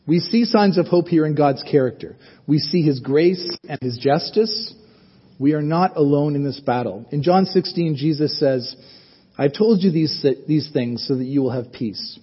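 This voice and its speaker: A man's voice: on the high side, breathy edge. A man preaching a sermon in an earnest, conversational way, asking his listeners questions as he goes. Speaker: pastor. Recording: muffled sound with long reverb in a hall.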